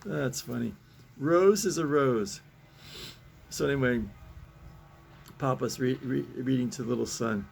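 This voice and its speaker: A man's voice: mid-range voice, a little slow, gravelly, long pauses, darkish tone, a little hiss or hum. A man in his seventies reading comic strips aloud in a casual, rambling way, chuckling often and restarting his sentences. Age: 70s. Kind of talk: casual chat.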